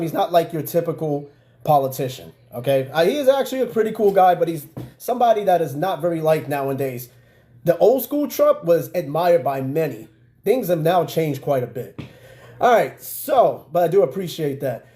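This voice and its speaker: Casual podcast host, middle-aged New York man, slightly high, mellow tone, rambling chat. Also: very animated, fairly quick. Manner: loose, chatty, frequent fillers and asides to viewers. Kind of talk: casual live-stream chat.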